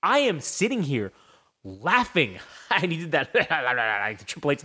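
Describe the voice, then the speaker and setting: A man's voice: a little high, unhurried, husky. A young man hosting a podcast, telling a long story in a casual, profane way and acting out voices as he goes. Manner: animated, profane, acts out voices in his story. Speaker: podcast host.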